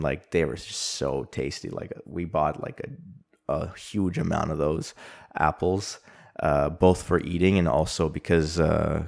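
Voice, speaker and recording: Deep gravelly man telling rambling stories. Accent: Canadian. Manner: rambling, many fillers, chuckles often. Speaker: podcast host. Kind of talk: casual solo podcast storytelling.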